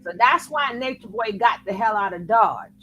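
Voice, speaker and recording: A woman's voice: fairly high pitch, animated, moderate pace, a bit bright, lo-fi sound, a little hiss or hum. A woman co-host speaking candidly and profanely in casual commentary.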